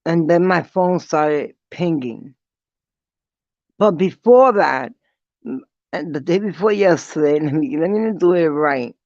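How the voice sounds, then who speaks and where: A slow, unhurried vlogger telling a story to the camera, laughing through it and cursing with ease. The sound is dry and a little dull, like a basic home recording. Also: medium pitch, no echo. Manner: animated, laughing often, swears freely. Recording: dull, slightly lo-fi dry audio.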